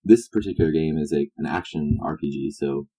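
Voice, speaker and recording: A man co-hosting a comedy podcast, rambling through a silly improvised pitch. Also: fairly quick, vocal fry, dark tone, breathy edge. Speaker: podcast co-host. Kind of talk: casual comedic chat.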